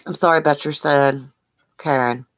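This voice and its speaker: A woman's voice: low-pitched, steady tone, normal speed. A woman hosting a casual livestream, reading viewer comments aloud and answering with sympathy in a chatty, folksy way. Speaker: livestream host.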